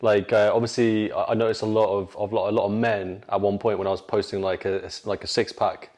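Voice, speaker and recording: A man's voice: lowish voice, little pitch movement, fast talker, darkish tone. A young man, a fitness coach co-hosting a casual podcast, rambling loosely with plenty of "you know what I mean".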